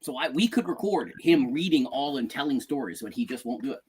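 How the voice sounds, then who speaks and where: A man's voice: mid-range voice, animated, brisk, a little mellow, a little hiss or hum. A middle-aged man co-hosting a podcast in casual chat, joking and repeating himself. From outside the United States. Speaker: podcast co-host.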